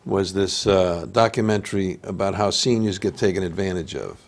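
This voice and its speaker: An older man who is an actor guest tells stories in a relaxed interview, with an Italian-American accent and a nasal voice. He speaks low, at a normal speed, in an easygoing way.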